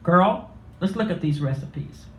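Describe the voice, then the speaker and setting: A man's voice: on the high side, expressive, unhurried, fairly bright tone, roomy sound, slight background noise. A man voicing a bold, bossy woman of the neighborhood as he reads a story aloud.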